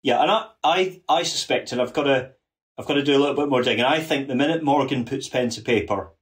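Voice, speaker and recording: A man's voice: mid-range voice, quick pace. A man guesting on a history podcast, earnest and detailed, often restarting his sentences as he explains. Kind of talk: casual history podcast chat.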